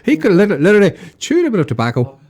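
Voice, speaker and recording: A man with a Northern Irish accent chatting on local radio and telling lively anecdotes. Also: high-pitched, rapid-fire, a little hiss or hum. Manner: anecdotal storyteller, animated. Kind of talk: casual chat.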